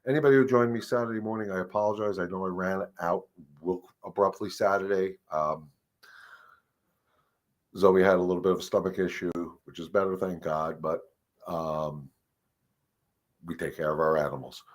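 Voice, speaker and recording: A man's voice: deep voice, fairly even intonation, normal speed. A man, a dog trainer hosting a casual live Q&A, talking in a rambling way with fillers and restarts. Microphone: live stream microphone.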